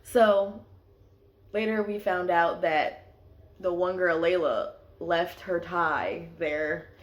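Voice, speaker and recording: A young woman tells a story at an unhurried pace. Her voice sits a little low, and she keeps dropping in "like" as she goes. The room around her is echoey. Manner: chatty, leans on "like" as filler. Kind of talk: casual storytime vlog.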